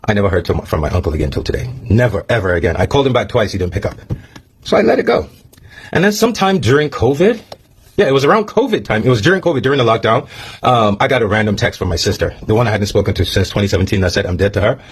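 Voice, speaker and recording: A man's voice: lowish voice, very animated, quick pace, husky. A man telling a personal story to camera in a blunt, profane way, repeating lines for emphasis. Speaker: vlogger.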